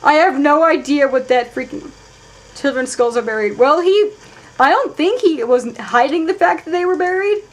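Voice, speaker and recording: A fairly high-voiced woman streaming a game live and talking her way through it. She chats as she goes, swears freely, and jumps from sudden loud outbursts to low muttering under her breath. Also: expressive, normal speed. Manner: chatty, thinks aloud, swears, swings from loud outbursts to mutters. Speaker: let's play streamer. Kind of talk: casual gameplay commentary.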